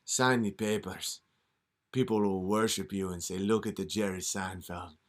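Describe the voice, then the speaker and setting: A man voicing a scheming male devil who offers deals, speaking slow, low and menacing. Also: fairly even intonation, close to an everyday voice. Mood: sinister.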